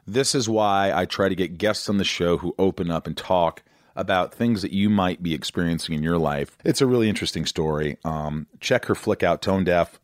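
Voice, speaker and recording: A man in his forties hosting a podcast in casual chat, animated and rambling, talking about being amped up. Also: low-pitched, normal speed, dry recording, studio quality. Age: 40s. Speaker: podcast host.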